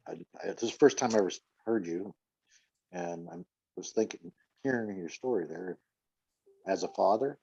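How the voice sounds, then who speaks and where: An older man on a group video call, speaking in an earnest, fatherly way with halting restarts. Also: deep voice, creaky, warm tone, husky. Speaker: call participant. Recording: dull lo-fi call audio.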